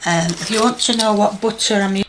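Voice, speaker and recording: A woman giving slow, chatty step-by-step instructions in a home cooking demonstration. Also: mid-range voice, noisy background. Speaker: home cook.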